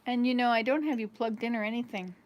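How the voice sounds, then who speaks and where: A woman in her fifties hosts a vlog, chatting to a small camera about home life in a rambling way and laughing often. Her voice is fairly high and steady, and she talks fast.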